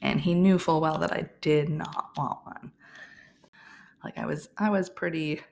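Low-voiced woman telling a story, laughing often. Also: fairly even intonation, measured pace, a little mellow. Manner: chatty, laughs often, trailing restarts. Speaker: podcast host. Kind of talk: casual personal storytelling.

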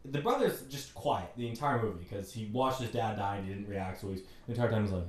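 A man's voice: mid-range voice, fast talker, hardly any pauses, a little mellow, echoey room, far from the mic. A man giving an exasperated, joking recap of a bad movie, putting on mocking voices as he goes. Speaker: movie reviewer. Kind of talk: comedic movie rant.

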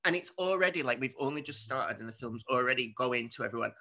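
A man's voice: mid-range voice, expressive, quick pace, vocal fry, few pauses, pushed and bright, muffled recording. A man co-hosting a podcast, casually reviewing a film. He talks animatedly, swears freely and acts out his own reactions. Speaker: podcast co-host.

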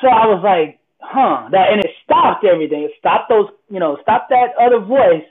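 Husky animated man on a tinny line. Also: high-pitched, normal speed. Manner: animated storyteller, repeats words, acts out quotes loudly. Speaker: motivational speaker. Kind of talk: casual storytelling conversation.

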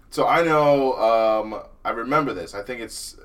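A man's voice: mid-range voice, lively intonation, takes it slowly. A man chatting casually on a podcast, giggling and hesitant. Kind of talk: casual chat. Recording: distant mic with clear crowd behind.

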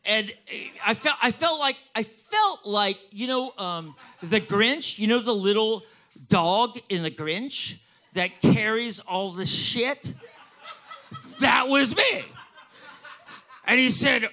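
A man telling a profane stand-up story in an animated, excitable way. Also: high voice, slow pace. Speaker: comedian.

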